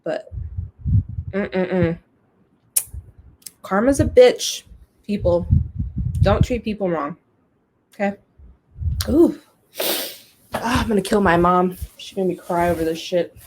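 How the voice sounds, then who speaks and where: A woman's voice: medium pitch, slow pace, long pauses, slightly rough. Chatty woman hosting a podcast, open and emotional, swears a lot. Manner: animated, candid, emotional, swears freely. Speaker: podcast host. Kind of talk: casual podcast monologue.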